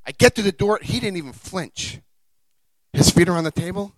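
A middle-aged man giving a personal recovery talk, an animated storyteller who acts out quotes and swings between quiet and loud. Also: high voice, brisk, no room sound, low-quality recording. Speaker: recovery speaker.

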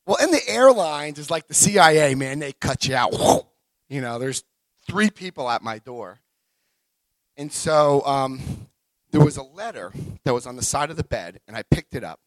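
A middle-aged man giving a personal recovery talk, an animated storyteller who acts out quotes and swings between quiet and loud. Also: medium pitch, normal speed, dry recording, low-quality recording. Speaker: recovery speaker.

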